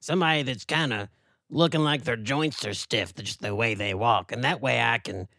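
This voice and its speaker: A man voicing Mister Possum, a folksy rural male possum character, talking in a deadpan, rambling drawl on a comedy podcast. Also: mid-range voice, moderate pace, creaky, no room sound, clean studio sound. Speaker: co-host.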